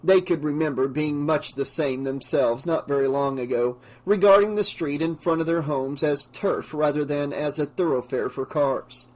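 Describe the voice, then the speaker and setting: A male audiobook narrator reading in a steady, measured way. His voice sits a bit high for a man and carries the prose evenly from line to line. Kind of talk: scripted narration.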